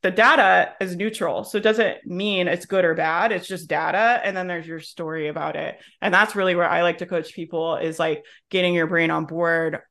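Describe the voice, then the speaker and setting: A woman's voice: lowish voice, steady tone, normal speed, few pauses, a bit bright. A woman hosting a business podcast, coaching through examples in an emphatic, casual way. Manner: emphatic, talks through examples, acts out quotes. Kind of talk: casual interview chat.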